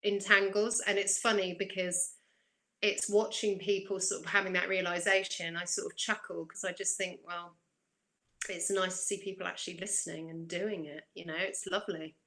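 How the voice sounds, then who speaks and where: This is an intuitive coach appearing as a guest reader on a spiritual chat show, chatting casually and reflectively while posing questions to the audience. She speaks at a moderate pace in a fairly low, flat-pitched voice that is bright and forceful. The recording quality is rough.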